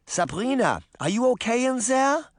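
A man voicing a kindly old grandmother in a storybook reading, gentle and genteel in her concern. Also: extremely high pitch, sing-song, moderate pace, dry recording, studio quality, pitched above the performer's own voice.

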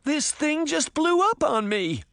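Man voicing a frantic young girl, shrill, high, storybook. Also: big pitch swings, measured pace, creaky, a bit bright, dry recording, studio quality, heavily acted. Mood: panicked. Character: panicked stubborn young girl.

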